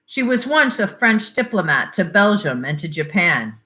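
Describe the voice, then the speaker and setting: A woman reading a literary short story aloud in a measured, expressive way. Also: mid-range voice. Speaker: library reader.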